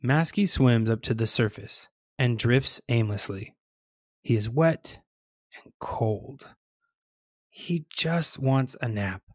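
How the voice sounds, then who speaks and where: Slow and deliberate, a mid-range voice reads a children's story with gentle expression, giving extra weight to the sound words. The recording is close and dry, without any room sound.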